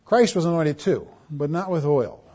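A man preaching a sermon, his voice swelling on key words and dropping low, often repeating words as he restarts. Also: animated, normal speed. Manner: preaching with emphatic swells and soft drops. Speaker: pastor. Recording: dull lo-fi sound.

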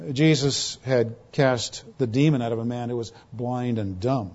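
A man's voice: lively intonation, normal speed, few pauses. Emphatic preacher man, dull lo-fi recording. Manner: emphatic, rising to loud pointed quotes then dropping to hushed lows. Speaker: pastor. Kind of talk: expository sermon.

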